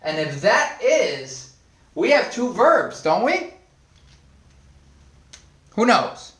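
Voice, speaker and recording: Male language teacher, high lively voice, unhurried delivery, echoey room mic. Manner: animated, playful, reads and answers viewers' comments. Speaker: Spanish teacher. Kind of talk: live online language class.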